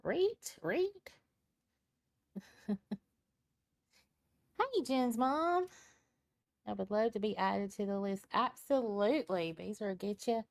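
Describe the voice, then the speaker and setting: Slow-talking tired woman live-streamer. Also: medium pitch, animated, gravelly, a little mellow. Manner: chatty, greets viewers by name, frequent ums and laughs. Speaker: live-stream tarot reader. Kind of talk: casual live-stream chat. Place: at home at her computer with a small fan running. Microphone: computer mic.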